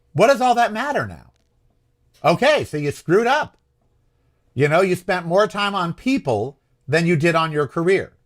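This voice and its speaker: Male host, somewhat high pitch, loose self-questioning monologue, frustrated and rambling. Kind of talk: casual political monologue.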